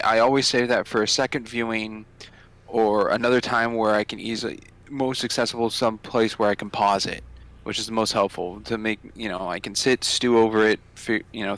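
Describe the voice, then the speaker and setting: A man's voice: fairly low pitch, a bit bright. A man co-hosting a podcast, explaining how he rates films in a rambling way, often searching for words. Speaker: podcast co-host. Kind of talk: casual podcast chat.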